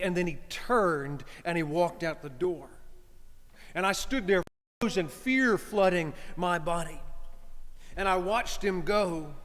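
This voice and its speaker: Priest telling a story in his sermon, kinda high voice, chatty, keeps checking in with the room, big church echo. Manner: conversational, asks the congregation "huh?". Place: church sanctuary. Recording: long church reverb.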